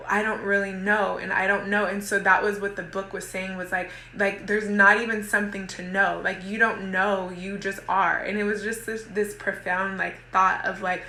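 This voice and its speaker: A woman in her thirties talks casually and motivationally, rambling and peppering her speech with "like" as she restarts her sentences. Her voice is bright and forceful. The sound rings around an echoey room. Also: mid-range voice, slight background noise. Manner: rambling, heavy use of "like", frequent restarts. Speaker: mother and women's group coach.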